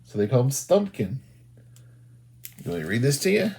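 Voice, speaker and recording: A man, a children's librarian, doing an animated storytime read-aloud and talking to young children. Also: mid-range voice, fairly quick, gravelly, slight background noise. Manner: animated, sing-song, talks to young children.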